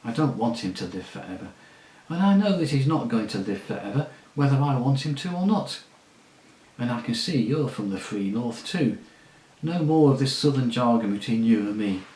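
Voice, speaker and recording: A proud talking war horse with a brisk, bossy edge and a scornful streak, as a man reads him out in a storybook. The voice sits at an ordinary male pitch and echoes a little in a roomy space. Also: animated, a little mellow, close to an everyday voice. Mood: brisk, commanding. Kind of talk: audiobook reading.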